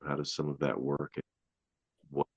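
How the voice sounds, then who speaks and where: A man from the United States hosting an interview podcast, asking slow, measured questions. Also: a bass voice, level tone, breathy edge, no room sound. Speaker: podcast host.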